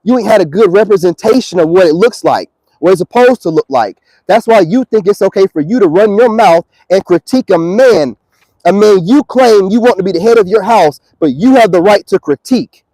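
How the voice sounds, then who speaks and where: A man's voice: high voice, expressive, a little fast, mellow, no echo, rough recording. A man ranting to camera outdoors in a preachy, confrontational monologue full of slang. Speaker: self-styled spiritual commentator.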